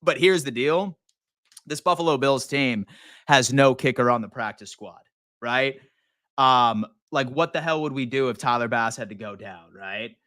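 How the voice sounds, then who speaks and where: A young man from Western New York chats through a football live stream in a loose, profane, hyped way. His voice is bright and clear. The sound is dry and close, with no room around it. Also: medium pitch, moderate pace, dry recording. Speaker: sports live stream host. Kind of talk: casual live stream chat.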